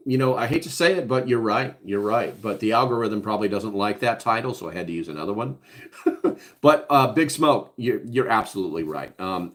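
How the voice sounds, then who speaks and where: A middle-aged man hosting a casual livestream, reading chat comments aloud and answering bluntly, with many fillers and restarts. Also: lowish voice. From Hawaii.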